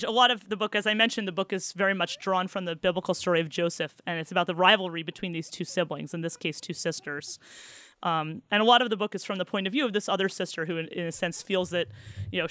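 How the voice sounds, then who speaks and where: An American woman, a novelist, reading expressively from her own book at a bookstore event, with measured pacing and softer asides. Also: lowish voice, no echo, clean studio sound. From United States.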